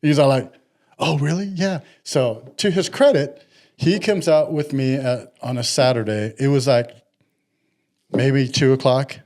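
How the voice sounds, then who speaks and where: A middle-aged man telling a story in casual podcast chat, animated and acting out the people he quotes. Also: mid-range voice, measured pace.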